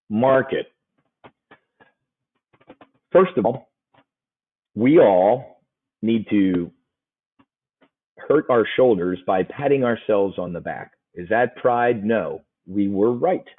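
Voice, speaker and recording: A man hosting a live options trading show, talking to viewers in a brash, excitable way with quick asides. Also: fairly low pitch. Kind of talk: live market commentary to viewers. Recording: phone-like narrow sound.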